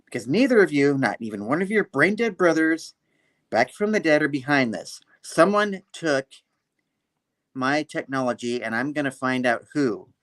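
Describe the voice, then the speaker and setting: A man's voice: on the high side, animated, normal speed, a bit bright, pitched above the performer's own voice. A man voicing a haughty, menacing villainess matriarch in a pompous, mock-sweet tone.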